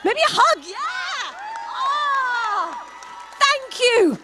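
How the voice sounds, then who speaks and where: A woman's voice: extremely high pitch, very animated, very slow, over a noisy crowd, heavy background noise. A woman leading a live fundraising paddle raise at a gala, calling out donation amounts and heaping effusive praise on each donor. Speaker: fundraising auctioneer. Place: gala event hall.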